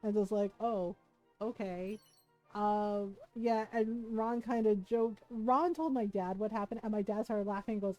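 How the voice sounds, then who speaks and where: A woman's voice: fairly high pitch, moderate pace, soft background music, rough recording. A woman streamer chatting casually, telling a story with frequent laughs and quoted voices. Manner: animated, laughing often, quoting others.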